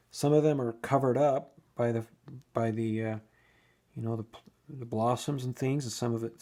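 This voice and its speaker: A painting instructor with a mid-range, dark-toned voice gives a relaxed oil painting lesson. Working at the easel, he thinks out loud and keeps restarting his sentences.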